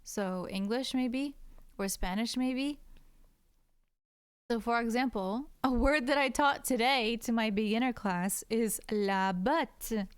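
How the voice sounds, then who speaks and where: A woman's voice: a little high, slow, clear, resonant tone, no room sound. An American woman, a French teacher, chatting casually to her stream viewers while drawing, swearing freely, filling her talk with "like" and laughing often. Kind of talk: casual livestream chat to viewers. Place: indoors at a computer.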